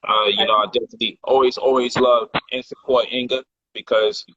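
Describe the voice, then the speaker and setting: Bright, animated man telling a story. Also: mid-range voice, fairly quick, slightly rough, no echo, highs cut off. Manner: animated, profane, acts out heated quotes loudly. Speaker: guest telling a personal story. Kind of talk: casual storytelling on a livestream. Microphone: phone or livestream mic.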